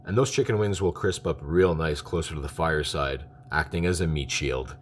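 A man narrating a barbecue video as voice-over in a steady, unhurried and reassuring way. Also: extremely low pitch.

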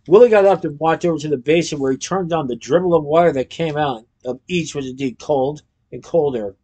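A man narrating a children's storybook aloud in a lively storytelling manner. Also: a little high, a little fast, few pauses. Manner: lively storytelling with character voices.

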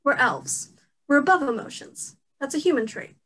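A young woman playing a formal, emotionless female elf warrior on stage, speaking stiffly and deadpan. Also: high voice, normal speed, poor audio. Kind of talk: stage play acting.

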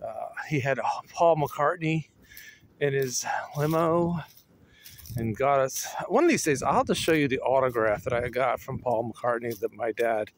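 A man's voice: mid-range voice, normal speed, a little hiss or hum. A man casually rambling through a story with fillers and chuckles, recorded outdoors on a phone. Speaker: vlogger. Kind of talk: casual chat. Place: outdoors at home while walking a dog.

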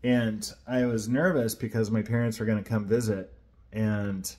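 A man's voice: fairly low pitch, fairly even intonation, normal speed, mellow. A man sharing an earnest personal faith testimony, retelling events in a casual, rambling way.

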